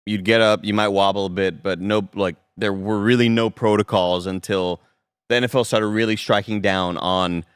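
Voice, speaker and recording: A man with a lowish voice talks through a topic on a podcast in a loose, conversational way, full of "um" and "like". His delivery is relaxed and unhurried. The recording is dry and close. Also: smooth, no echo. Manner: relaxed, joking, uses fillers. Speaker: podcast co-host. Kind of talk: casual chat. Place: podcast studio.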